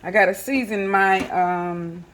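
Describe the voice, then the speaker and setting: A woman's voice: medium pitch, fairly even intonation, measured pace, fairly bright tone, slight background noise. A woman, chatting casually to viewers while she cooks in her home kitchen, with lots of fillers. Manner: chatty, talks to viewers as y'all, many fillers. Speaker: home cooking vlogger. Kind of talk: casual kitchen vlog chat.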